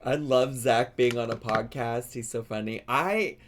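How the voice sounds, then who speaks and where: Commenting on a video during a live stream, this man speaks at a measured pace in a medium pitch. He's a reaction streamer, casual and playful, laughing a lot and drawing out words in joking pronunciations.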